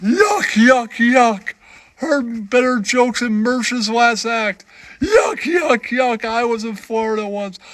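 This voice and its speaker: A man's voice: very high voice, takes it slowly, a bit bright, no echo, pitched above the performer's own voice, heavily acted. A man doing a jeering, chanting comic. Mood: mocking. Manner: mocking sing-song chant.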